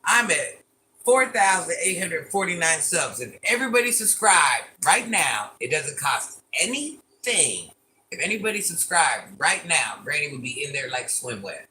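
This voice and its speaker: A woman's voice: low voice, big pitch swings, normal speed, pushed and bright, slight background noise. Teasing woman around fifty. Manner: chatty and teasing, repeats lines playfully, calls herself Granny. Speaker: livestreamer. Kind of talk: casual livestream chat, reading viewer comments aloud. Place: living room, lying down.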